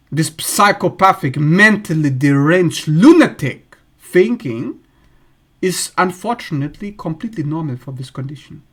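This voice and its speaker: A man's voice: on the high side, animated, normal speed. A man hosting an astrology channel, talking bluntly in a casual monologue and acting out the people he describes in a raised voice.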